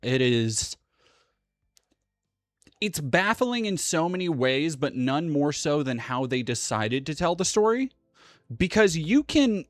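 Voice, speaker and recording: A man's voice: fairly high pitch, no echo. Brief: young man streamer, swears freely and rambles, dry close sound, faint music underneath. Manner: profane, rambling rant. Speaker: livestream host. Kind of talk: casual livestream chat.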